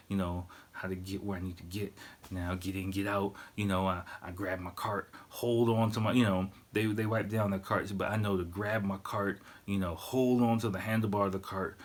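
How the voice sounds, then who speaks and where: A middle-aged man hosting a podcast, telling a casual story full of swearing and fillers like "you know" and "like". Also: sits low. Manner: profane, laid-back, loose with fillers like "you know" and "like". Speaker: podcast host.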